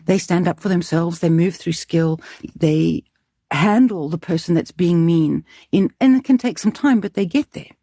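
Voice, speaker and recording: A woman who heads a school speaks in an interview with a fairly low, warm voice at a normal pace, earnest and emphatic as she thinks aloud and restarts her sentences. The recording is studio quality with no room sound.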